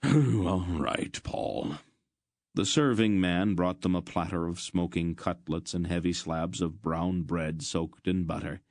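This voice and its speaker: A man with a low, deep voice narrates an audiobook in a measured, storytelling way. The recording is dry and close, with no room sound. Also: flat delivery, dry recording.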